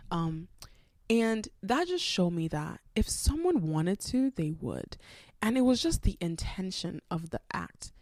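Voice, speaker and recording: A woman's voice: lowish voice, unhurried, dry recording, studio quality. Congested young woman telling a story. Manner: animated, rambling, self-aware storytelling. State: congested from a cold. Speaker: podcast host. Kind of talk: solo podcast storytelling.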